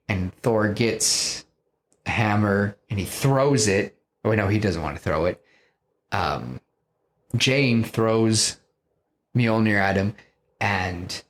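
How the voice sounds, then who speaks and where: Low-voiced guy rambling through a movie pitch, lots of "you know", faint noise behind. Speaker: podcast host pitching a film story. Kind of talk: casual story pitch.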